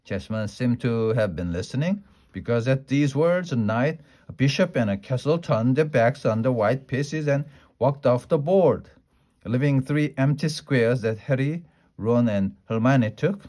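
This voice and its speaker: A man reading a fantasy novel aloud, unhurried, now and then tripping over a word and restarting. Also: mid-range voice, animated, mellow. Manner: unhurried, with small slips and restarts. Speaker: storyteller.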